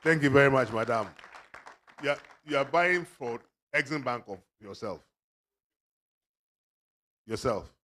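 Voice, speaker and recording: A man's voice: medium pitch, expressive, a little slow, pauses often, pushed and bright. A man works the room as an auctioneer at a book launch, joking and teasing people who come forward to buy. His talk is full of playful asides and bursts of laughter. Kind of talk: lively fundraising banter. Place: event hall.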